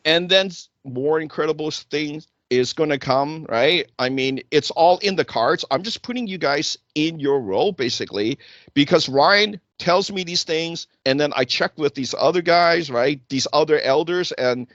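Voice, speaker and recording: Talk show guy, kinda high voice, acts out the back and forth, dry muffled sound. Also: moderate pace, no echo. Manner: animated storytelling, acting out quoted exchanges. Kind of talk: casual chat.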